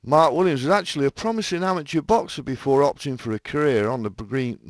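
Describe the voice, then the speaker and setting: A man's voice: fairly high pitch, fast, dry recording, clean studio sound. A man recording snooker commentary lines, chatty and self-mocking, with frequent laughing asides. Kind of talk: jokey commentary voice-over session.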